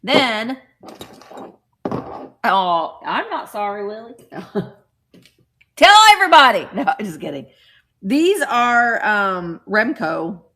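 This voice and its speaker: Woman, middle-aged, live-stream host, casual chat, excitable, leisurely pace. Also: mid-range voice, slow pace, long pauses. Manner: chatty and excitable, squeals over cute items. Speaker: vintage reseller hosting a livestream.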